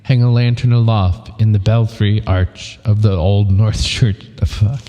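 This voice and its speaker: Man, poem reading, laughing, mellow voice, long reverb. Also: on the low side, fairly even intonation, measured pace, soft background music. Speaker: co-host.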